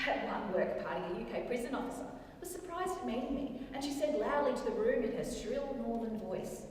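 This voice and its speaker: A middle-aged woman with a broad Australian accent telling a wry, lively comic monologue on stage. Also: fairly high pitch, brisk, few pauses, a little hiss or hum. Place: large town hall stage. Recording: echoey hall, miked from far off.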